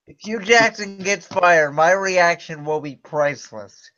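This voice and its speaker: A man's voice: high-pitched, a little slow, sharp tone, dull audio. A man hosting a casual sports podcast, giving emphatic opinions and announcements. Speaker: podcast host.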